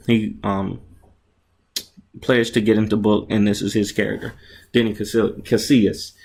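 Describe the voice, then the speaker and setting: A man's voice: on the low side, gravelly. A man casually narrating and explaining his own comic book, chatty and enthusiastic, often restarting his sentences and acting out sound effects.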